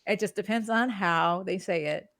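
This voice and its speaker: A woman co-hosts a casual podcast chat, laughing often and acting out the phrases she quotes. Her medium-pitched voice is fairly bright and moderately paced, with no echo, captured on a podcast microphone and streamed live.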